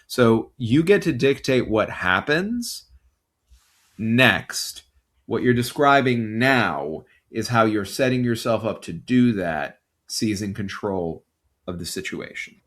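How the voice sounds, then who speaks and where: A man's voice: on the low side, animated, slow pace, a bit bright. A man running a tabletop game as game master, enthusiastic and dramatic in his narration.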